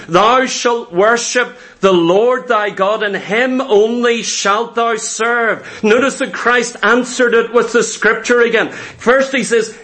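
A man's voice: very high-pitched, takes it slowly, hardly any pauses, sharp tone. A man preaching a sermon, emphatic and repetitive, acting out little scenes as he goes.

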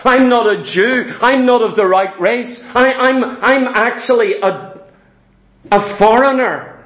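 A man's voice: very high-pitched, fairly bright tone, reverberant, full character voice. A preacher speaking as a foreign woman who hesitantly doubts whether she may ask for help. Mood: doubtful. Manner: halting, self-doubting.

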